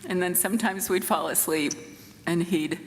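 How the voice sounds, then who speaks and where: A woman in her sixties giving a eulogy for her son in a church, speaking in a tender, halting way with soft rueful laughs. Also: on the low side, a little hiss or hum. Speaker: mother of the deceased giving a eulogy. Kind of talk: memorial eulogy. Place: church sanctuary. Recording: reverberant church with faint room ambience.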